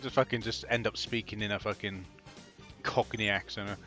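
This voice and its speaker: A man giving excitable, foul-mouthed gameplay commentary as host of a gaming video. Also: fairly low pitch, normal speed, faint music behind. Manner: excitable, swears constantly, laughs often.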